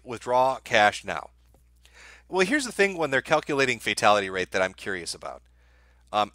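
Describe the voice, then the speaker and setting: A man hosting a livestream, reading out viewer messages and answering them in a sardonic, deadpan way with plenty of swearing. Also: mid-range voice, no room sound. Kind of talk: casual livestream commentary.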